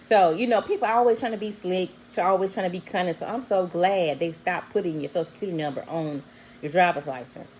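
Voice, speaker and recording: This woman vlogger talks fast in a lowish voice, animatedly performing the quoted voices, bleeps and all, as she tells a long personal tale. The recording is poor, with slight background noise.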